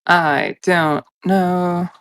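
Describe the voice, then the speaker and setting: A woman's voice: fairly low pitch, fairly even intonation, drawn-out words, fairly bright tone, no echo, clean studio sound. A woman playing a tabletop game, hesitant and thinking aloud as she decides her turn. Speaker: player. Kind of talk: casual play at a tabletop game.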